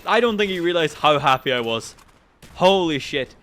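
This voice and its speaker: A young man tells a story to camera in casual commentary. He talks in an animated way, swears freely and jumps high in pitch when he gets excited. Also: normal speed. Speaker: channel host.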